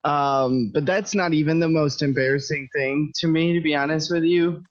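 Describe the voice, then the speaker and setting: A man's voice: fairly high pitch, steady tone, moderate pace, no room sound, dull audio. A man in his twenties co-hosting a podcast, telling crude stories in casual, profane, exasperated chat. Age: 20s. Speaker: podcast co-host.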